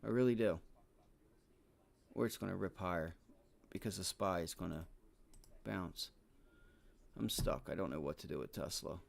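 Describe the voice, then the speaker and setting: A man streaming his live trading, frustrated and swearing heavily, with shouted outbursts and stretches of low muttering to himself. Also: moderate pace, gravelly, long pauses. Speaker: day trading livestreamer.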